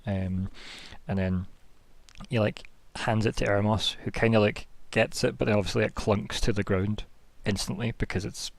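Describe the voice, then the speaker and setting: A man's voice: on the low side, steady tone, normal speed, creaky, dry recording. A young man narrating a tabletop game as game master, chatty and rambling with many fillers.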